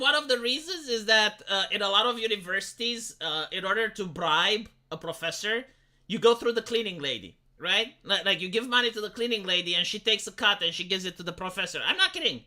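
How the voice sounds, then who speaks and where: A woman's voice: mid-range voice, animated, moderate pace, bright, forceful tone. A young woman streamer ranting in casual chat, profane and exasperated, rambling with frequent restarts. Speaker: live streamer.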